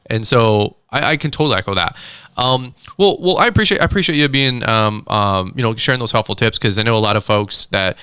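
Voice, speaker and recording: A man hosting a podcast interview, chatting casually in a quick, animated, self-deprecating way. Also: fairly low pitch, clear, resonant tone, no room sound, studio quality. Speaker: podcast host.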